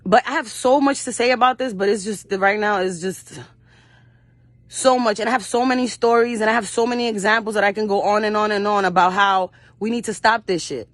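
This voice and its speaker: A young actress being interviewed tells passionate personal stories in a mid-range, steady-toned voice, fairly quick and with no room sound. Blunt and fierce, she curses frequently and acts out the quoted voices of her mother and others.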